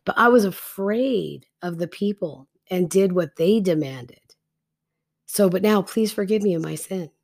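A woman's voice: medium pitch, a little slow, darkish tone. A woman voicing a defensive male king who keeps making excuses, in a slightly raised everyday voice. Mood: contrite.

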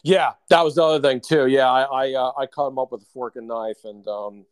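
A man's voice: mid-range voice, fairly even intonation, a little fast, clean tone, dry recording. A man co-hosting a podcast, telling a long story in casual chat, full of fillers and laughs. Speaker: podcast co-host.

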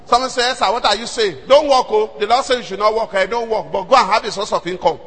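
A man with a Nigerian accent preaching a sermon, telling stories in an animated way that swings from hushed asides to shouts. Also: high-pitched, fast talker, husky, in a large hall. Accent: Nigerian, Yoruba-speaking. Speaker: pastor.

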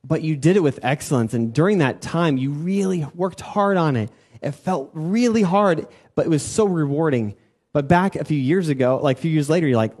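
A man with a fairly high voice delivers an informal, conversational church talk. He leans on repeated words for emphasis and keeps turning to his listeners with questions. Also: lively intonation, moderate pace, mellow. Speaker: church teacher. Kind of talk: informal sermon with audience questions.

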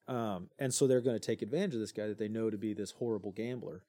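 A young man on a podcast, retelling old myths in a loose, animated way, full of fillers and crude jokes. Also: lowish voice, fast. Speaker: podcast co-host. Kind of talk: casual storytelling chat.

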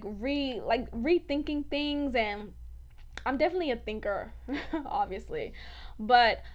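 A woman's voice: a little high, a bit bright. A woman hosting a faith podcast, talking candidly and with animation, often laughing and saying "like" a lot. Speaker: podcast host. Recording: dull lo-fi podcast audio.

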